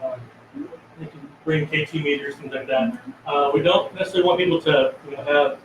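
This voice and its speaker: A man talks fast in a casual live-stream chat, rambling and restarting his sentences. His voice sits a bit high for a man. He sounds distant and echoey, with a dull, muffled tone. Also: steady tone, a little hiss or hum. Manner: rambling, many fillers and restarts. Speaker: haunted house co-owner. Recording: echoey room, far from mic, dull sound.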